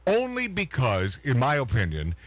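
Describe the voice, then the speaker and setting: A man hosts a talk radio show in a blunt, ranting, profane way. His voice sits in a middle pitch. The sound is dry and close, with no room around it. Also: huge pitch swings, moderate pace, dry recording. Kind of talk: opinionated talk radio chat.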